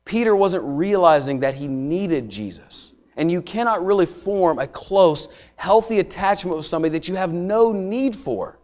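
A middle-aged male pastor delivering a sermon, swinging between raised emphasis and quiet, slowed-down words. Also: sits high, expressive. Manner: dramatic preaching with wide swings in loudness, dropping to hushed emphasis.

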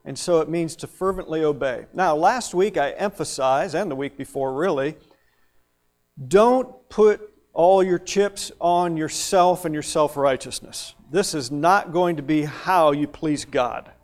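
A man's voice: a little high, measured pace. A male pastor preaching a sermon in a conversational way, with playful asides and rising emphasis on key words.

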